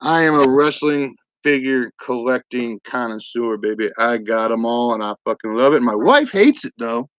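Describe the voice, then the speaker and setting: A man's voice: medium pitch, expressive, moderate pace, hardly any pauses, fairly bright tone, dry recording, dull audio. A man co-hosting a fantasy football livestream from his home basement, talking in loose, joking, profane banter. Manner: profane, laid-back joking. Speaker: fantasy football show co-host.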